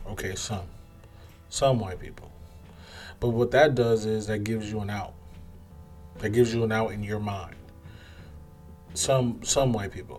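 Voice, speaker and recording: Male podcast host, lowish voice, casual but emphatic commentary style. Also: unhurried, long pauses, a little mellow, faint music behind. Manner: emphatic, conversational, acts out other people's replies.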